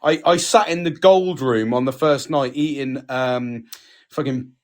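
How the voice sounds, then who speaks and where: A man's voice: medium pitch, measured pace. A man co-hosting a casual talk show, laddish, laughing and swearing a lot as he tells stories. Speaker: podcast co-host. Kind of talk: casual banter.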